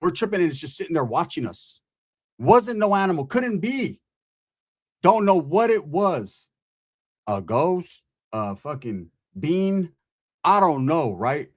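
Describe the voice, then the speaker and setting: A man with a slightly raised voice tells a story in a loose, profane street-slang style. He keeps checking in with listeners and gets animated as the tension builds. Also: a little high, a little slow. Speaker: podcast host telling a story. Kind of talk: casual storytelling.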